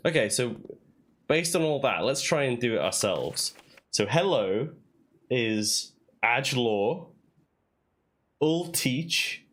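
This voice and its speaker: A man streams a puzzle game, thinking aloud and casually sounding out made-up words as he goes. His voice is mid-range with a fairly bright tone, fitting the relaxed let's-play commentary.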